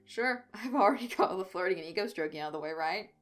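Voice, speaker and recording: A woman playing a deadpan teenage comedian. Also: medium pitch, quick pace, soft background music, close to an everyday voice. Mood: teasing. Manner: deadpan with small stutters.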